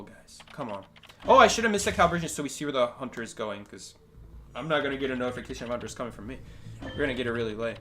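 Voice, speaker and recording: A man's voice: a little high, a little hiss or hum. A man commentating his own gameplay live, joking and talking to his chat. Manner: animated, joking, talks to chat. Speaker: gaming streamer.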